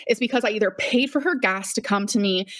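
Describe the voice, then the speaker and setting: A woman's voice: medium pitch, brisk, fairly bright tone. A young woman vlogger ranting emotionally on a live stream, heated and swearing, repeating herself, shaky and upset.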